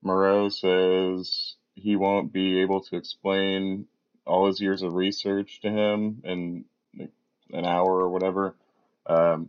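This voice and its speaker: A man's voice: sits low, clean tone, highs cut off. A man co-hosting a podcast, recapping a film plot in a plain, matter-of-fact way. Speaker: podcast co-host.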